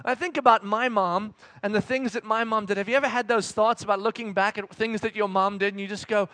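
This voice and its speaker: A man in his thirties giving a conversational sermon as a pastor, an animated storyteller who acts out the voices of his family. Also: extremely high pitch, brisk, few pauses, no echo.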